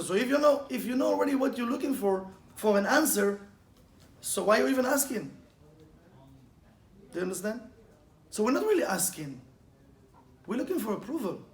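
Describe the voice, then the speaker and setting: Man, high-pitched, animated storytelling, roomy echo. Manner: animated, laughs often, acts out quotes and sound effects. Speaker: Kabbalah teacher. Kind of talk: informal spiritual lesson with storytelling. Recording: echoey room with faint ambient noise.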